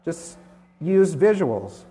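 A man presents at a conference with sardonic, dry humor. His voice sits somewhat high. The sound carries long reverb from a hotel conference hall. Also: sing-song, extremely slow, mellow. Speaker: conference speaker. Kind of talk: presentation talk.

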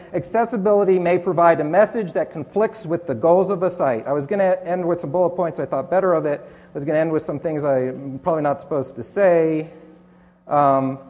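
A man presents at a conference with sardonic, dry humor. His voice sits somewhat high. The sound carries long reverb from a hotel conference hall. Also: darkish tone. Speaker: conference speaker. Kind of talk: presentation talk.

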